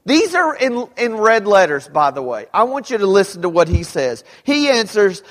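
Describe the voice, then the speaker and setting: A man preaching a sermon as pastor, dramatic, rising to shouts when he quotes people. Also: sits high, big pitch swings, normal speed, hardly any pauses. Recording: long hall reverb.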